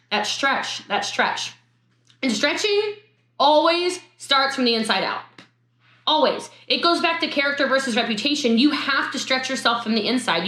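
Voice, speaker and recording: A woman giving an emphatic motivational talk to her sales team, repeating key words and breaking into high exclamations. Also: sharp tone, roomy sound. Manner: emphatic, repetitive, bursts into laughter and high-pitched exclamations.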